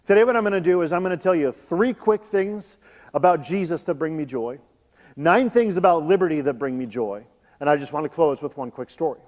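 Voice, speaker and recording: A man in his thirties preaches in a church, his voice sitting fairly high. He moves between reading scripture and relaxed, joking talk with the congregation. Long reverb from the hall trails after his words. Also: brisk. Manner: conversational, joking asides. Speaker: pastor. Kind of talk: sermon.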